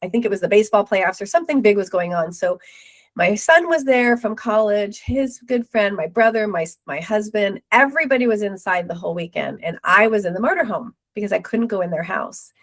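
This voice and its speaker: A middle-aged woman, a podcast guest, telling a personal story with lively retold quotes. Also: fairly high pitch. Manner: animated retelling with acted quotes.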